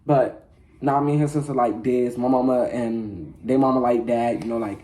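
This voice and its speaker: A man's voice: medium pitch, fairly even intonation, normal speed, mellow. Slangy teenage guy telling a story. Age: teens. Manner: laid-back slangy storytelling, laughing at himself. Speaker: vlogger. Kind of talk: casual storytelling.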